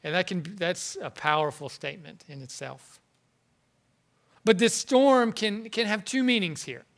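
A man preaching a sermon in an earnest, halting way, often repeating words as he goes. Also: high-pitched, gravelly, a bit bright. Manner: earnest, halting, with frequent word repetitions.

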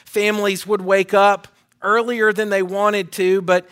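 High-voiced male pastor preaching. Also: level tone, a little slow, a bit bright, clear, resonant tone. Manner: earnest preaching with call-and-response. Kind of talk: sermon with scripture reading. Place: church sanctuary.

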